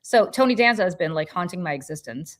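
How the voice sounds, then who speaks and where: Woman podcast host, lowish voice, profane and animated storyteller. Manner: animated, profane, quick restarts. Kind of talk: casual chat, storytelling.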